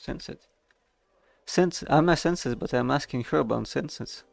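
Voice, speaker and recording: A man's voice: mid-range voice, moderate pace, vocal fry, no room sound. A man streaming a video game, reading the narration aloud with wry, casual asides.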